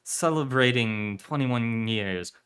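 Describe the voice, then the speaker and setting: A man voicing a brash, hard-drinking older woman who talks loud and blunt. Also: medium pitch, slow, smooth. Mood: apologetic.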